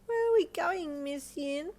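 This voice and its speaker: Woman voicing a teary little girl, high and wailing, brief fan audio. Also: animated, unhurried, darkish tone. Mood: tearful. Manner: quivering, wailing. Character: little girl, tearful and pleading.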